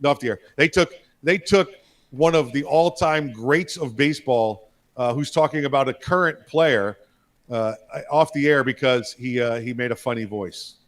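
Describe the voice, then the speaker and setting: A man's voice: medium pitch, normal speed. A man co-hosting a political talk show, speaking emphatically in a rambling way with frequent restarts and repeated words. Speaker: co-host.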